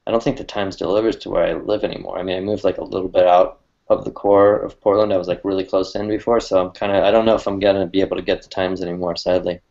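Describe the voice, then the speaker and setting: A man with a fairly low voice talks in a loose, rambling way, often stopping to restart his sentences. He laughs easily between thoughts. The audio sounds dull and lo-fi, like an online call. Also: little pitch movement, fast, creaky, a little mellow. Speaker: cartoonist co-host. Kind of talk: casual chat.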